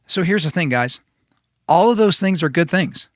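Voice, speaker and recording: A man's voice: on the high side, animated, normal speed, no echo, studio quality. A man in his thirties hosting a solo podcast, talking conversationally and emphatically, often repeating himself. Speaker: podcast host.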